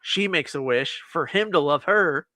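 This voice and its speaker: A man co-hosting a movie review podcast animatedly retells a film's plot in casual chat, acting out the lines and laughing often. His voice is a little high, his pace measured, with no echo.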